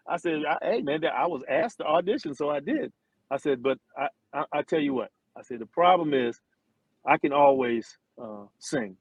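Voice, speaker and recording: A middle-aged man, an interview guest, telling a long story with lively quoted voices and many restarts. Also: mid-range voice, moderate pace, slightly rough, dry recording, rough recording. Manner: animated storyteller, acts out quotes, frequent restarts. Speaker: interview guest, former football player and singer.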